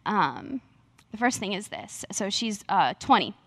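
A young woman preaching, telling a faith story with earnest, animated energy and acting out her own quotes. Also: medium pitch, unhurried, no room sound. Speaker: speaker sharing testimony. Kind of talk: sermon-style storytelling.

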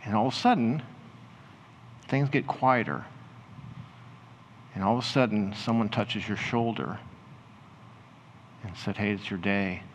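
A man preaching as a pastor, leading the congregation through a guided imagination exercise and slowing into hushed storytelling. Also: lowish voice, slight background noise. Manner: slows and softens into hushed storytelling. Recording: roomy hall reverb, faint ambience.

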